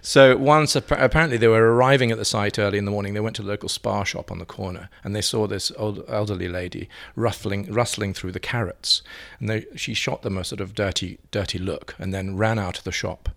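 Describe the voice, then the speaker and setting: An English painter telling playful, theatrical anecdotes in a relaxed interview chat, often breaking into giggles. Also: male voice, fairly low pitch, a little fast, creaky, few pauses. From England. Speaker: guest, painter.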